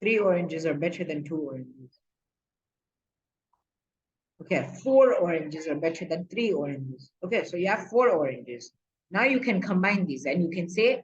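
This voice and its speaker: A woman's voice: on the low side, animated, moderate pace, highs cut off, a little hiss or hum. A young woman in a casual screen-recorded math tutorial, chatty and playful, checking in often with the viewer. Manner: chatty, playful, many okays and asides. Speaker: student explaining a lesson.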